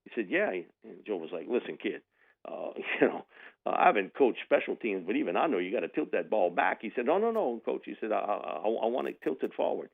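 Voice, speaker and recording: A man's voice: fairly low pitch, a little fast, vocal fry. A man, telling a sports story on the radio and acting out the people in it. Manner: animated, mimics voices in anecdotes with laughs. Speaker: radio guest. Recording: tinny phone line.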